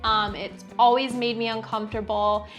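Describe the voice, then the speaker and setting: A woman's voice: on the high side, flat delivery, moderate pace, faint music behind. Sarcastic, frank young woman. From United States. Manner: frank, sarcastic, swears freely. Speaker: vlogger. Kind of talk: candid personal storytelling.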